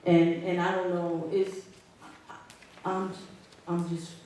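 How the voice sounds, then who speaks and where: Hurt, halting woman in an echoey hall. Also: fairly low pitch, flat delivery, mellow, slight background noise. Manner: emotional, hurt, pleading, halting. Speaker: resident speaking at a public meeting. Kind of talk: public comment. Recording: echoey hall, distant mic.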